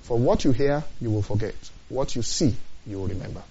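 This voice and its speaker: A man's voice: mid-range voice, lively intonation, dark tone, slight background noise. Guy preaching a sermon, keeps asking "you understand?", kinda muffled recording. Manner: emphatic, repeats phrases, asks the listeners questions; quotes scripture in a slow, deliberate cadence.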